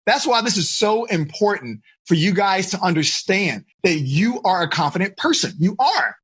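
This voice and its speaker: A man's voice: high-pitched, very animated, moderate pace, fairly bright tone, breathy edge. A man teaching teenagers as a life coach, speaking animatedly over a video call and asking the group frequent questions.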